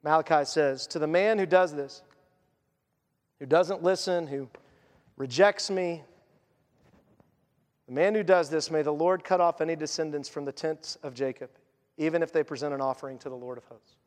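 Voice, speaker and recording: A man's voice: on the high side, moderate pace, pauses often, a little mellow, long reverb tail. A man preaching a sermon as a pastor, earnest, and voicing the people he quotes.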